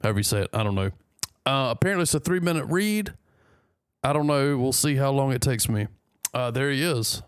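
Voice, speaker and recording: A man's voice: medium pitch, clean tone, no echo, clean studio sound. A man from the United States reading a news story aloud and joking between lines in casual commentary. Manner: reads aloud haltingly, joking asides. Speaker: news reaction host.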